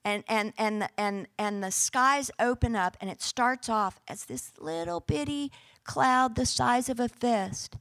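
A woman preaching a sermon, telling a Bible story with lively, casual storytelling and playfully acting out the characters in modern speech. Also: fairly high pitch, measured pace, no echo, clean studio sound.

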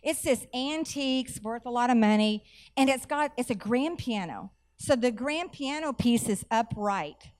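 A middle-aged woman, preaching a sermon through animated personal stories with folksy asides. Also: fairly high pitch, moderate pace. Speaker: church speaker.

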